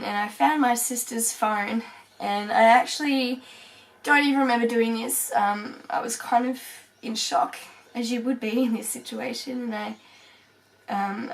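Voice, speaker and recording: Young woman vlogger, tearful personal storytelling, higher pitch, set back from the mic. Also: distant mic, poor audio. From Australia. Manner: halting, emotional, many fillers and pauses.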